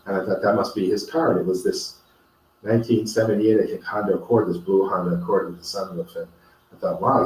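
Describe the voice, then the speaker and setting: A man's voice: on the low side, darkish tone. A man telling a personal story and giving a motivational talk, earnest and rambling, with many fillers and restarts. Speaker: host. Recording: echoey room, distant from the mic.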